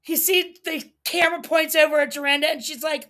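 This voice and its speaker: High pitched woman doing a chill stream recap, slow and bright, acts out the quotes. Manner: reads quotes aloud with animated emphasis, laughs often. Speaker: livestream recap host. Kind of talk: casual recap livestream. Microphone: streaming setup mic.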